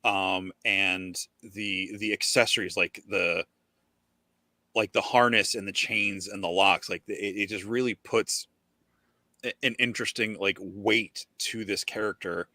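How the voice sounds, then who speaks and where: A man hosts a casual podcast in a bright, edgy voice that sits a little low. He talks with enthusiasm but hesitates often, with many ums and restarts. The sound is close and dry. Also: steady tone, unhurried, dry recording. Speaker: podcast host. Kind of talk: casual chat about collectible toys.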